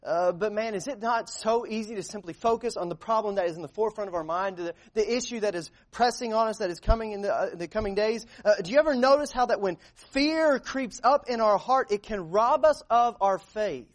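A man's voice: sits high, a little fast, hardly any pauses. A man preaching a sermon as pastor, earnest, with frequent fillers and restarts.

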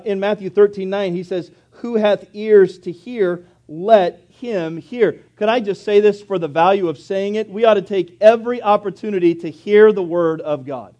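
A preacher delivers his sermon in a high but mellow male voice. He explains scripture earnestly, leaning into key phrases with emphasis.

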